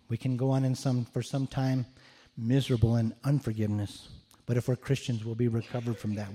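Delivering a sermon, a male pastor speaks with earnest conviction, frequently repeating words whenever he starts a thought over. His voice is medium in pitch, mellow, and not very bright.

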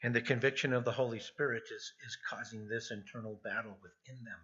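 Middle-aged male pastor, bright husky tone, earnest sermon delivery, dull lo-fi recording. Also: mid-range voice, steady tone, a little fast. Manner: earnest, repeats words when emphasizing. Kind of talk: expository sermon. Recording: dull lo-fi sound.

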